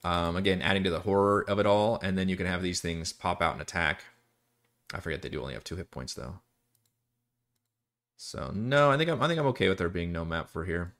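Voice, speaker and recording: Low-voiced man chatting casually. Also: a little fast, a bit bright. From Texas, USA. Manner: rambling, restarts often, swears casually. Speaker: dungeon master streaming campaign prep. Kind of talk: casual live-stream chat, reading chat.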